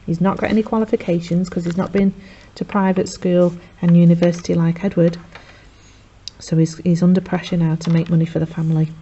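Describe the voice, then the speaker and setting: A woman's voice: on the low side, flat delivery, mellow, breathy edge. A woman teacher, chattily retelling a play for revision and acting out the characters' lines. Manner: chatty, acts out characters' lines in quick voices. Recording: dull lo-fi sound.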